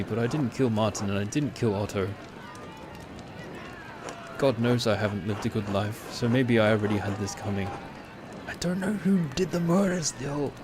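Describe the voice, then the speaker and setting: A man's voice: fairly low pitch, background noise, lightly acted. A man reading lines for a cornered male con artist who pleads and then turns spiteful. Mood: pleading.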